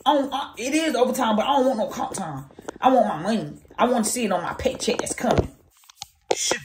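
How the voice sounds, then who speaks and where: A woman vents to her handheld phone camera in an animated, exasperated way. Her voice sits a little high and swings all over. The room gives it a noticeable echo. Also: fairly quick, noisy background. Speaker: vlogger. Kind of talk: casual venting to camera.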